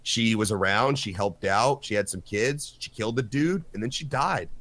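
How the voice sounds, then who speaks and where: A man co-hosting a casual podcast chat, animated and acting out quotes in his story. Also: on the low side, moderate pace, no room sound. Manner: animated, acts out quotes with lively swings. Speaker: podcast co-host.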